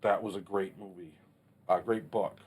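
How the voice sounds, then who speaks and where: A man's voice: low voice, fairly even intonation, normal speed, a little mellow, breathy edge. A man in his forties hosting a casual Q&A vlog, talking in a blunt, plainspoken way with some mild swearing. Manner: blunt, plainspoken, mildly profane. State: has the hiccups. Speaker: channel host answering a Q&A.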